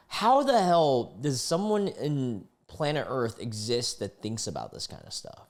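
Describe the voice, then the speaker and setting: A man's voice: medium pitch, sing-song, a little slow, few pauses. A man in his twenties reading online posts aloud and reacting with exasperated, disgusted outbursts. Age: 20s. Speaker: online commentator.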